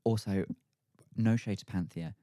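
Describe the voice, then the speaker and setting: A man from the UK hosting a podcast, chatting casually with playful, expressive banter. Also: fairly low pitch, a little slow, no room sound, studio quality. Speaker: podcast host. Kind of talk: casual chat.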